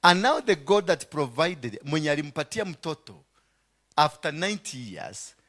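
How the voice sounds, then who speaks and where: A Kenyan man preaching a sermon, dramatic, swinging between hushed asides and shouts, dropping into Swahili phrases. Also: on the high side, big pitch swings, normal speed. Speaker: apostle preaching.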